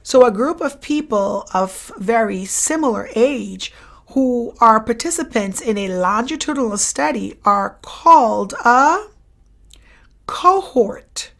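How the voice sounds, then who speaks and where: A woman's voice: on the high side, expressive, slow pace, vocal fry, fairly bright tone. A woman lecturer going over exam questions, repeating each question and answer and checking in with the listener as she goes. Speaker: psychology lecturer. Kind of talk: exam review lesson.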